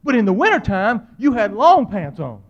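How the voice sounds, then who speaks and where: High-voiced preacher man telling stories. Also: normal speed, lo-fi sound. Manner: animated, dramatic swings between loud and hushed. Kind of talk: humorous storytelling sermon.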